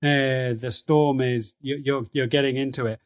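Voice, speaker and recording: A man's voice: medium pitch, fairly even intonation, normal speed, no echo. A man narrating as dungeon master in an easygoing, descriptive way. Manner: descriptive, easygoing, laughs often. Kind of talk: narrating a tabletop game.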